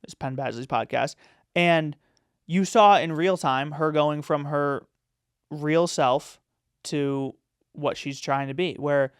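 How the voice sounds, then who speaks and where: Speaking slowly with a smooth, clear, slightly high voice, this man hosts a podcast as a casual, rambling chat. He packs his firm opinions with filler words, captured in a dry, close recording without echo.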